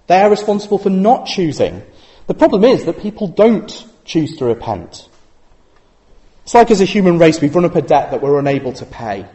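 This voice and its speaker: Man preaching with a lively pitch. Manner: conversational, many rhetorical questions. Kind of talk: sermon.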